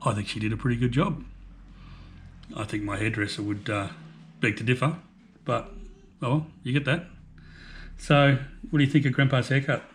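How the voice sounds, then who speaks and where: A man's voice: mid-range voice, fairly even intonation, moderate pace, long pauses. An older Australian man, a truck driver, chatting casually to camera in an easygoing, jokey way with his granddaughter. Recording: faint background noise.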